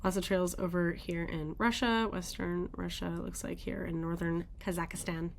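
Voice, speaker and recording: A woman's voice: lowish voice, fairly even intonation, moderate pace, creaky, slight background noise. A woman hosting a daily weather radar show, thinking aloud in casual, rambling commentary as she looks at the maps.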